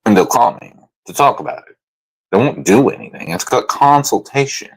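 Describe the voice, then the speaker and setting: A man's voice: fairly low pitch, sing-song, a little fast, breathy edge, rough recording. Profane mocking male commentator. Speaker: commentary YouTuber. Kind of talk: reaction commentary rant.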